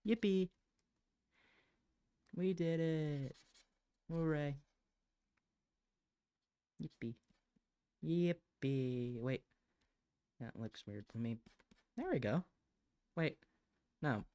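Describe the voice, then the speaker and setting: A woman's voice: deep voice, drawn-out words, long pauses, dark tone, smooth, dry recording. A woman live streaming while she draws, chatting casually, muttering to herself as she works and sometimes gushing to her cat, recorded on a desk microphone at home.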